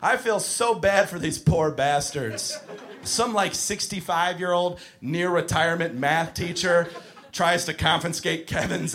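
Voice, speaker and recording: A man doing a stand-up comedy set, ranting with crude language and bursting into shouts. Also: on the high side. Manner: animated, shouting mock rants with crude language.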